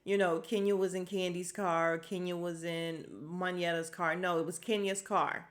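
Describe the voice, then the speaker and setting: Lady podcaster ranting through a reality tv recap, chatty, kinda exasperated, lowish voice. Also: level tone, normal speed. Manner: chatty and exasperated, acts out cast members' lines. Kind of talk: casual solo recap.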